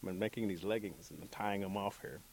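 A man's voice: low-pitched, fast talker, vocal fry, slight background noise. A man voicing a generous village woman who sews leather in a folk tale, talking in a friendly, chatty way.

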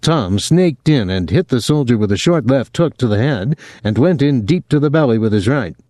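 A man's voice: mid-range voice, lively intonation, moderate pace, dark tone, no room sound, clean studio sound. A man reading a novel aloud as an audiobook narrator, giving each character a voice.

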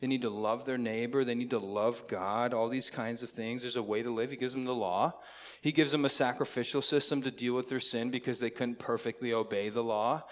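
A man's voice: mid-range voice, steady tone, a little fast. A man preaching a sermon in a conversational way, often asking the congregation questions. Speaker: pastor.

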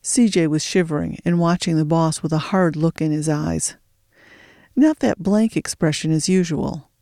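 A narrator reading a thriller audiobook in a steady storytelling voice, slowing for suspense. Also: medium pitch, no room sound, studio quality.

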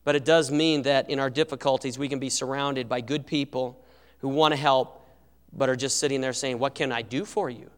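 A man preaching a sermon as pastor, earnest, swinging from loud emphasis to quiet asides. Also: mid-range voice, steady tone, normal speed, clean tone. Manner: earnest, rises and drops in volume for emphasis. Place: church sanctuary. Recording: church sermon with long hall reverb.

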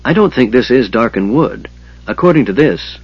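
A man voicing a patient, steady male half-elf leader who reasons calmly with his companions. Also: medium pitch, normal speed, breathy edge, dry recording, lo-fi sound, voice pushed up.

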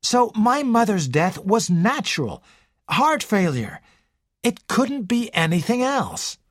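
Brief: reader doing a rattled young man, pitched up high, halting and pleading. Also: sing-song, dry recording, studio quality. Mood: earnest, pleading. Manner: stammering, pleading. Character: young man, tense and shaken. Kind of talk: audiobook character reading.

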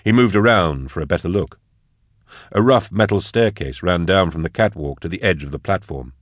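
A man reads fiction aloud in a steady, measured way. His voice is very deep, recorded close and dry in a studio. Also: dry recording. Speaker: audiobook narrator. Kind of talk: scripted fiction narration.

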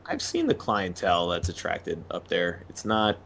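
A man's voice: sits low, huge pitch swings, moderate pace, vocal fry, a bit bright. A man co-hosting a podcast in casual chat, making wry, self-deprecating jokes. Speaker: podcast co-host.

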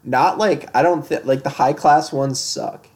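A man co-hosting a casual music podcast rambles through his thoughts, leaning heavily on "like." His voice is on the high side, unhurried and a little mellow.

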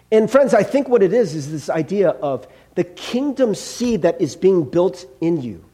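A man's voice: high voice, dark tone, breathy edge. A male pastor preaching a sermon in a conversational way, often checking in with "right?" and acting out angry drivers. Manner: acts out angry driver outbursts.

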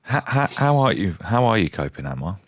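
A male breakfast radio presenter interviewing a guest, gentle and prone to stammered restarts. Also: lowish voice, big pitch swings, a little fast, no echo, studio quality.

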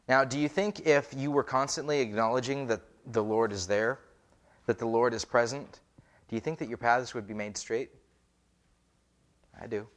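A man's voice: medium pitch, steady tone, unhurried. A man, a pastor, preaching a conversational sermon with many rhetorical questions. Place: church.

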